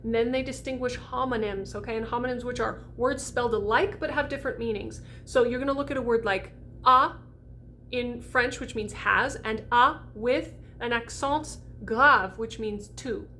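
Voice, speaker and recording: A chatty woman teaching diction to singers, her voice sitting a little high. She keeps checking in with the listener, and a faint hum of room noise runs underneath. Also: moderate pace, pushed and bright. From United States. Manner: chatty, often checks in with "okay?". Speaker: voice coach. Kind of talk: diction lesson to camera.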